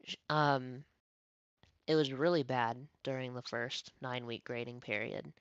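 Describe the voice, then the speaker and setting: A woman streamer telling a story in casual chat, animated and swearing, acting out the dialogue she quotes. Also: very deep voice, unhurried, clear, resonant tone, no echo. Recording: dry, dull lo-fi stream audio.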